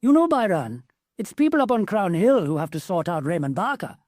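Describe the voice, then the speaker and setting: A woman's voice: medium pitch, sing-song, fairly quick, a little mellow, no room sound, studio quality, pitched above the performer's own voice. A woman voicing a firm, practical middle-aged mother in a storybook.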